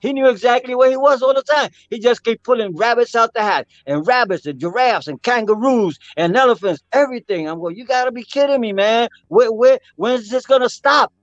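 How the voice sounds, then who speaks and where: An older man, a percussionist, telling a story with animated energy, acting out voices and singing rhythms. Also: very high voice, brisk, hardly any pauses, no echo, muffled recording, faint music behind. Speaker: percussionist guest. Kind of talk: storytelling interview.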